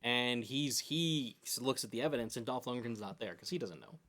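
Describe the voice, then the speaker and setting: A man's voice: mid-range voice, expressive, brisk, bright, forceful tone. A man co-hosting a podcast, riffing loosely in casual comedic chat and building up a made-up story as he goes. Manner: rambling, riffing on a made-up movie plot. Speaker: podcast co-host.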